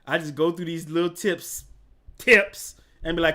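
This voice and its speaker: A man's voice: on the high side, normal speed, sharp tone. A man hosting a casual livestream chat, talking in a slangy, rambling way and laughing often. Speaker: host.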